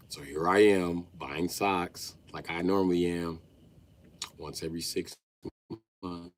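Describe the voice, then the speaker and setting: A man, ranting comically about family life in a stand-up style, swinging from muttering to yelling. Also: low-pitched, steady tone, takes it slowly, long pauses, a little hiss or hum. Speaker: comedian. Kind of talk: stand-up style comedic rant.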